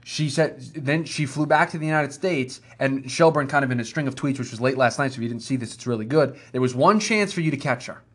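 A man co-hosting a podcast, talking fast and emphatically in casual chat and building to a rant. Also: mid-range voice, fairly bright tone, slightly rough. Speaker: podcast co-host. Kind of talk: casual wrestling talk.

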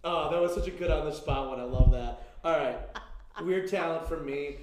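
A man's voice: on the high side, moderate pace, noisy background. A young man co-hosting a podcast in casual chat, enthusiastic and rambling with lots of fillers. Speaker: podcast co-host. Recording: roomy echo.

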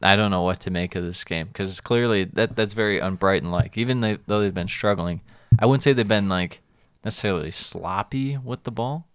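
A man's voice: on the low side, brisk, hardly any pauses, smooth, dry recording, studio quality. A man co-hosting a sports podcast, chatting casually and a bit rambly about matches, laughing often. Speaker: podcast co-host.

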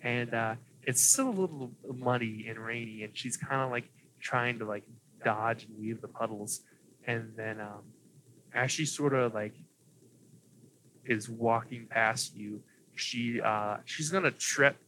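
Young male game master, halting and nervous, faint noise behind. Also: mid-range voice, sharp tone, rough recording. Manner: nervous, hesitant, many fillers. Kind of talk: narrating a tabletop game.

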